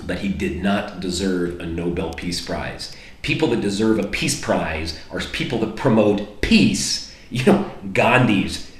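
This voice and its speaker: A man with a deep, low voice delivers an indignant rant straight to camera. He stumbles over himself, repeating and restarting words as he presses his point. The sound is echoey, bouncing around a room. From United States. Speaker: vlogger. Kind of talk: heated political rant to camera.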